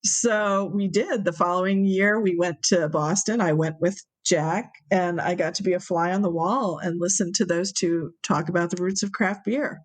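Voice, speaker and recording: A woman being interviewed, telling a long story in a relaxed, chatty way. Her voice sits a little low, and she livens up whenever she acts out what others said. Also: moderate pace, hardly any pauses. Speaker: interview guest, brewery owner.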